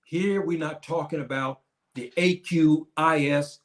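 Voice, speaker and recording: Man in his seventies, teacher's lecture, emphatic, repetitive, somewhat high voice. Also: unhurried. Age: 70s. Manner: emphatic, repetitive, addresses listeners as brothers and sisters. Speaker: teacher of a class. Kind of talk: lecture to a community. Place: Morocco.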